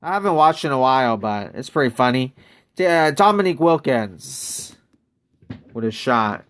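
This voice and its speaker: A man's voice: medium pitch, expressive, moderate pace, fairly bright tone, smooth. A man streaming a mobile basketball game, chatting casually and greeting viewers from chat.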